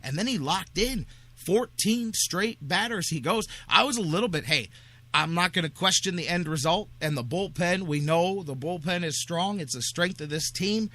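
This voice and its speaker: Excitable male sports radio host, bright voice pitched a little high, rambling monologue. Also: normal speed. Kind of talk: casual sports talk show monologue.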